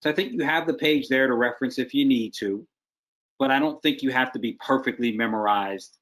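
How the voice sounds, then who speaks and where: A man's voice: medium pitch, brisk, a bit bright. Frank, emphatic male casting director. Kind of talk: advice in a video-call interview. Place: video call.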